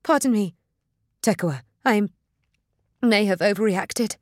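A woman's voice: mid-range voice, unhurried, dry recording, studio quality, pitched above the performer's own voice, close to an everyday voice. A woman playing a proud, paranoid navigator. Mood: tense.

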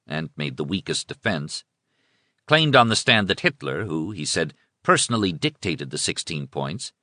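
A man reading a history book aloud as scripted narration, in a measured, formal way. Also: low-pitched, sing-song, sharp tone, no room sound, clean studio sound. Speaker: audiobook narrator.

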